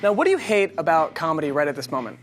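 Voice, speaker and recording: Lively off-camera woman interviewer. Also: low voice, racing, soft background music. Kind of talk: upbeat rapid-fire questioning.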